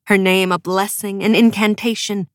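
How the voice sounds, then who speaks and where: A woman's voice: medium pitch, fairly even intonation, moderate pace, no echo, clean studio sound. A woman narrating an audiobook with emotive, dramatic delivery. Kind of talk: scripted narration.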